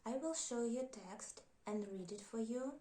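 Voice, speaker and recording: A woman with a Russian accent, a native Russian speaker, teaching a reading lesson and slowly repeating each example word twice. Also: on the high side, dark tone. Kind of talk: slow, careful language lesson. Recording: echoey room.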